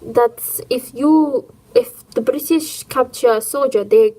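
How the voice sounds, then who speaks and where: A woman's voice: fairly high pitch, dark tone, poor audio. Woman putting on a clumsy German accent. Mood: dramatic. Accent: put-on German. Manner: halting, self-consciously overdone.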